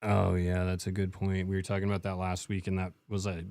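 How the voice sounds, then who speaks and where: Very deep-voiced laid-back man. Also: monotone, a little fast, a little mellow, dry recording. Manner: laid-back, joking, slangy. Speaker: podcast co-host. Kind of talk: casual chat.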